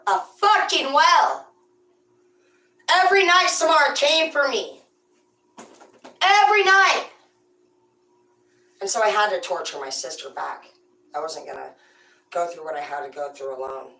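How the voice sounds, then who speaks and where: A woman with a slightly low voice spins foul-mouthed, rambling tales in a casual, animated way. She talks in a loose, chatty storytelling style. The sound is roomy and distant from the microphone. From rural farm upbringing. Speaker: streamer telling stories. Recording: roomy, away from the mic.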